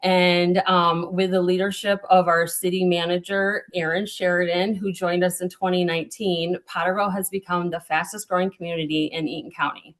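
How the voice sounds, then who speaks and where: A woman serving as a small-town mayor, speaking at a town hall with a slightly low voice. She is earnest and a bit halting, dropping in ums and correcting herself as she goes. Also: little pitch movement. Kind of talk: prepared remarks at a town hall.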